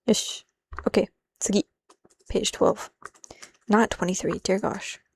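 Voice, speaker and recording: A woman with a gravelly, fry-tinged voice talks her way through a translation on a live stream. She rambles, cuts herself off mid-phrase and drops in bits of Japanese as she goes. The sound is dry and close. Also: mid-range voice, steady tone, slow, darkish tone, no room sound. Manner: rambling, self-interrupting, easily sidetracked. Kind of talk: live stream, thinking aloud while working.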